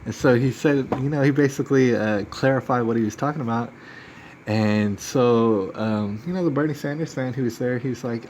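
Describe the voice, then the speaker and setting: A man's voice: mid-range voice, moderate pace, darkish tone, a little hiss or hum. A man hosting a live stream, telling a story in a rambling, emphatic way and acting out what other people said. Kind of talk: casual storytelling rant.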